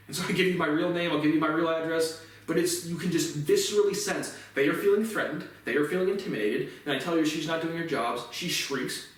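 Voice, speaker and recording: A man's voice: a little high, a little fast. A man vlogging an aggrieved, rambling monologue full of bitter, repetitive complaints. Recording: very echoey room, voice distant from mic.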